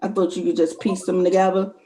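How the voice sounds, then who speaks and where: A woman's voice: fairly low pitch, flat delivery, quick pace, warm tone, low-quality recording. A woman guest in a casual conversation, talking earnestly and rambling, filling her talk with "like". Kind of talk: casual chat.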